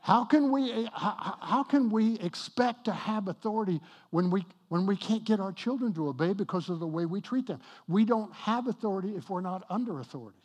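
Male pastor, high-pitched, emphatic sermon delivery with light banter to the congregation. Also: expressive, darkish tone, muffled recording. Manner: emphatic, slows and rises on key points, jokes with the congregation. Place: church with congregation.

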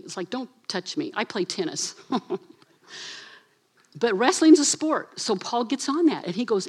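A woman preaching to a congregation, telling stories with acted-out voices and addressing listeners directly. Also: mid-range voice. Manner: animated, acts out voices, addresses assistant for slides. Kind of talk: lively sermon.

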